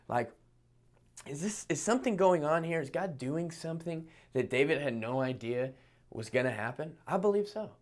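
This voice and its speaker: A man preaching a sermon, retelling a story in a casual, animated way with playful asides. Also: a little high, normal speed.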